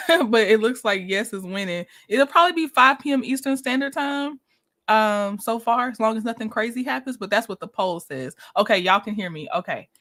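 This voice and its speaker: Livestream host, woman, bright and somewhat high voice, chatty, laughs easily. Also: lively intonation, normal speed. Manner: chatty, greets viewers by name, laughs often. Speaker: livestream host reviewing a reality show. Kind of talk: casual livestream chat.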